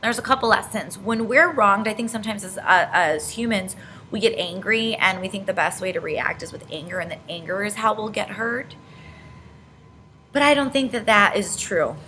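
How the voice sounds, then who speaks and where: Bright-voiced woman giving earnest advice. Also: mid-range voice, expressive, moderate pace, faint music behind, low-quality recording. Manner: earnest, reflective, speaks of handling conflict with poise. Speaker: vlogger. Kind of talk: casual advice vlog.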